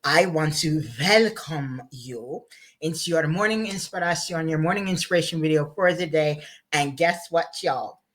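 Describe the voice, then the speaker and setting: A man hosting a motivational vlog, talking in an excited, playful and chatty way, a little giddy and emotional. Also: a little high, normal speed. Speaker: motivational video host. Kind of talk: upbeat motivational vlog talk.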